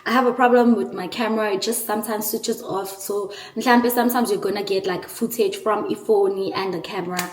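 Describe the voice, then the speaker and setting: A young South African woman vlogging casually, excitable and emotional and quick to laugh. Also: mid-range voice. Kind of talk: casual vlog, switching between English and isiZulu. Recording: echoey room, far from the mic.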